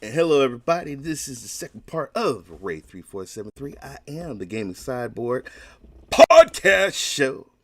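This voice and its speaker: A man's voice: medium pitch, big pitch swings, normal speed. Rambling man hosting a gaming podcast. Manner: rambling, emphatic, many restarts. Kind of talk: casual solo podcast talk.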